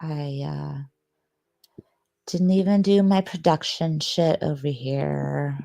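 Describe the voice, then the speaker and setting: A woman's voice: sits low, steady tone, slow pace, vocal fry, mellow, no echo. A sleepy woman, hosting a livestream and chatting casually with viewers, rambling and joking. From Detroit, Michigan, USA. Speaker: livestream host.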